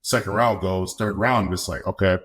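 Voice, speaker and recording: Young man, low voice, laid-back storytelling, laughs a lot, podcast guest. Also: steady tone, normal speed, a crowd in the background. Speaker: podcast guest, football player. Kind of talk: casual storytelling.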